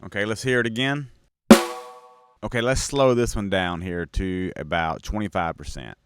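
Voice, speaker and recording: Low-voiced man demoing a drum. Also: normal speed, over loud music. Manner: enthusiastic, explains gear step by step. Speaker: host and drum maker. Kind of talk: casual demonstration talk.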